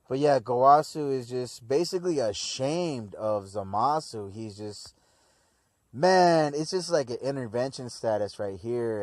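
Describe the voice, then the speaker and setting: Young man, casual anime recap host, rambling, slangy, mid-pitched, dry close sound. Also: unhurried, darkish tone, no echo. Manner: rambling and slangy, voices the characters in mock paraphrase. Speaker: anime review channel host.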